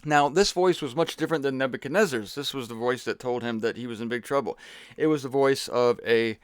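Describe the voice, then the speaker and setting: A man's voice: medium pitch, brisk, smooth, no echo, clean studio sound. A man giving a casual, joking Bible teaching talk, digressing as he goes.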